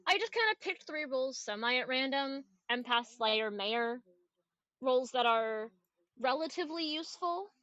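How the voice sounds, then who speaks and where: High, bright woman on a dull mic. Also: animated, moderate pace, dry recording. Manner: explains logic step by step. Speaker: player in a social deduction game. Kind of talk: casual strategy chat over voice call.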